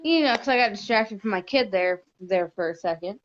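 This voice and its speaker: A woman's voice: mid-range voice, lively intonation, brisk, hardly any pauses, dull audio, noisy background. A woman, a mother hosting a casual livestream from her home at night, chatting while she gets distracted and talks to her toddler. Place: home living room at night.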